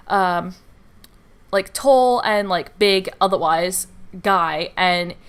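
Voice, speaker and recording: Young female vlogger, smooth clear tone, casual rambling chat, lots of fillers. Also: medium pitch, a bit bright. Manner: chatty, with many fillers and rambling asides. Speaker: YouTube game builder. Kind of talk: casual storytelling over gameplay.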